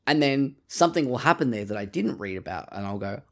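A man's voice: mid-range voice, expressive, fast talker, a bit bright. A man co-hosting a podcast in casual chat, swearing freely and acting out his own reactions. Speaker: podcast co-host.

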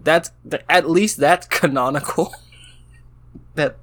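A man with a slightly high, fairly bright voice reads an AI-written story aloud in a casual way. His reading is slow and halting, frequently interrupted by amused, laughing asides about the content.

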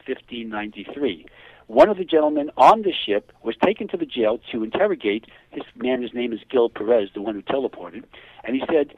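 A man being interviewed as a hypnotherapist guest, telling cases in a lively way and acting out the quoted speech. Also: mid-range voice, brisk, gravelly, slightly rough, dry recording. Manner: animated, acts out quoted dialogue. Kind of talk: phone interview storytelling. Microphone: telephone. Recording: tinny dry phone line.

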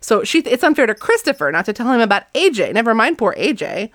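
A woman's voice: a little high, sing-song, quick pace, music in the background. A young woman co-hosting a casual book podcast, laughing often and reading passages aloud. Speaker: podcast co-host.

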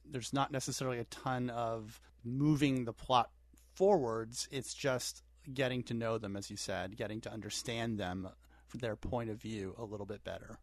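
A man co-hosting a podcast with a mid-pitched voice, recorded dry and close. He talks through the episode in an easygoing, agreeable way and builds on his partner's points. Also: steady tone, normal speed, dry recording. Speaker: podcast co-host. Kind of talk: casual TV recap chat.

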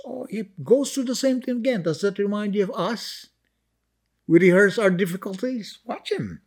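A male pastor preaching a sermon, reading scripture dramatically with emphatic swings in volume and pitch. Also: animated, moderate pace, darkish tone.

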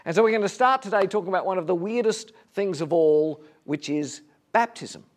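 Male pastor, casual preaching voice, pitched a touch high, asks the room questions. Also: fairly quick. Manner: conversational, rhetorical questions, gently humorous. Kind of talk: sermon.

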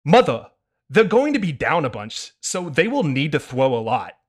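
A man's voice: a little high, very animated, normal speed, breathy edge. A man doing a comedic voice of a nerdy, know-it-all boy lecturing his mother. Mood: pedantic. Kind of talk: comedic impression in a podcast.

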